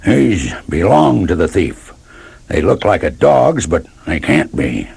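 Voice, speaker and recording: A man voicing a stern middle-aged farmer in a storybook reading, speaking gruffly and slowly. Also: deep voice, sing-song, darkish tone, no room sound, heavily acted. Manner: gruff, commanding.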